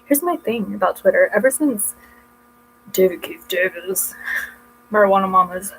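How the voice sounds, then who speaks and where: Woman rambling about her books at home, mid-pitch, chatty, faint hum behind. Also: lively intonation, normal speed, a bit bright, poor audio. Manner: rambling, chatty, self-interrupting. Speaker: vlogger. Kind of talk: casual chat showing books.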